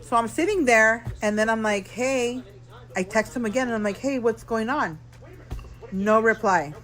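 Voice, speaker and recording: A slightly tipsy woman spills a story straight to her phone camera from a quiet hotel room. She talks frankly and chattily, calling her viewers girl and y'all as she goes. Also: fairly high pitch, moderate pace, faint music behind, rough recording. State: a little tipsy. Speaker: vlogger. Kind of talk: storytime vlog.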